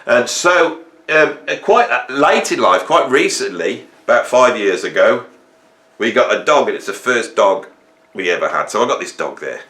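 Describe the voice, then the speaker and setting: A man in his fifties hosting a casual monologue, rambling and humorous as he tells animated stories. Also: mid-range voice, moderate pace. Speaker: host. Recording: roomy echo.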